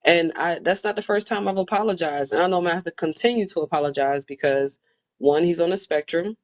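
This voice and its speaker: A woman's voice: lowish voice, quick pace. A woman in a casual book club conversation, telling a personal story in a reflective, storytelling manner. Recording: muffled lo-fi audio.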